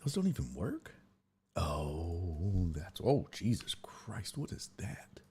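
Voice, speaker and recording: A man's voice: sits low, wildly swooping pitch, takes it slowly, dark tone, a little hiss or hum. A man hosting a sports talk stream, chatting casually in a rambling, profane way and laughing through his stories. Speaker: sports podcast host. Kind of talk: casual livestream chat.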